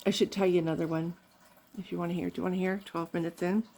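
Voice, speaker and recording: Older canadian lady rambling thru old family stories, lowish voice, laughs a lot. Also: flat delivery, fast talker, vocal fry, mellow. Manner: rambling, chatty, laughs often. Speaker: vlogger. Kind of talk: casual storytelling vlog.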